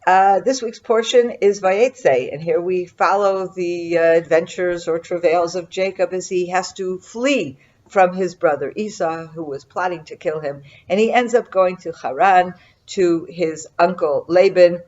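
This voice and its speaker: A middle-aged woman gives an earnest, reflective Torah commentary, often pausing and restarting her sentences. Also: fairly low pitch, darkish tone, highs cut off. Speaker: Bible teacher.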